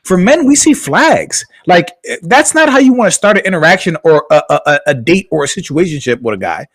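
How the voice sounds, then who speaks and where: Animated high-voiced man on a podcast. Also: brisk. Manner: animated, emphatic, repeats words. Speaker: podcast co-host. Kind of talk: casual chat.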